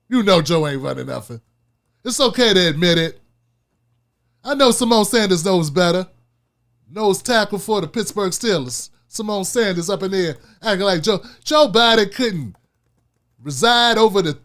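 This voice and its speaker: A man hosting a political commentary show, talking in an animated, casual and repetitive way. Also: high voice. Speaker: host.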